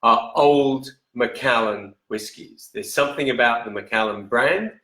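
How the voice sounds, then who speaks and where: Man, live-stream host, casual chat, self-correcting, bright voice, echoey room. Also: medium pitch, a little slow. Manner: chatty, reads viewer comments aloud, corrects himself. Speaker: host of a live whisky show. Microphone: camera in front, steps out of frame.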